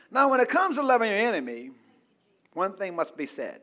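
A man pastor a sermon with call-and-response, swinging from loud exclaims to soft asides. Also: high-pitched, sing-song, fairly quick.

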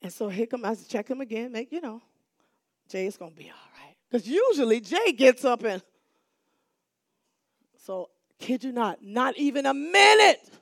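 A middle-aged woman telling a lively, dramatic testimony to a church audience. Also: on the high side, a little slow, vocal fry, dry recording, clean studio sound. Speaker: church speaker giving a testimony. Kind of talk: animated testimony storytelling.

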